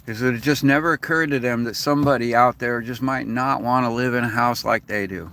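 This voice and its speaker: A man rants into his camera, cursing often and wandering between complaints. His voice is bright and pushed forward. He keeps the frustrated, off-the-cuff tone of a vlogger talking to his regular viewers. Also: mid-range voice, fairly even intonation, brisk. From United States. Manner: profane, rambling, frustrated venting. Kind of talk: casual rant to camera.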